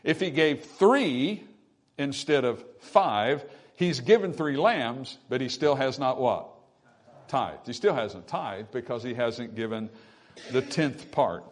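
A pastor preaches a sermon in a mid-range voice with lively intonation and a slow pace. He teaches patiently, posing rhetorical questions to the congregation and repeating key phrases for emphasis.

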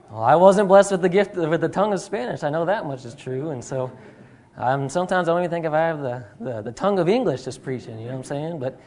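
A man's voice: fairly high pitch, lively intonation, normal speed, darkish tone. A young man preaching in a church as a guest speaker, chatty and self-deprecating, with plenty of fillers. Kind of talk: sermon. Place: church sanctuary.

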